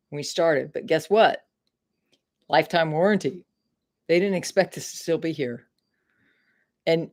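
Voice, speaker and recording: A middle-aged woman from Maine chats with viewers on a casual livestream from her home. Her voice is low-pitched and a little mellow, and she swears freely in frustration while addressing chat directly.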